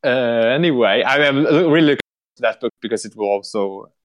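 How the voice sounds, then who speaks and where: A man's voice: mid-range voice, animated, fast talker. Rambling Swedish man hosting a podcast. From Sweden. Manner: rambling, profane, many fillers. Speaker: podcast host. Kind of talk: casual chat.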